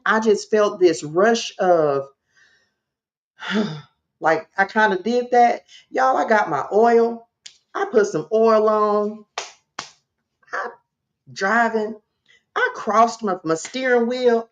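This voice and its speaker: A woman, a spiritual coach, telling a personal story to her livestream viewers in an animated, direct way. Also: medium pitch, slow pace, lo-fi sound.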